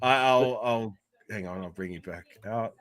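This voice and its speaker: A man's voice: on the low side, a little slow, fairly bright tone, dry recording. An Australian man hosts a casual live-stream chat. He is chatty and laughs often, with many restarts. The sound is dry and close. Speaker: podcast host.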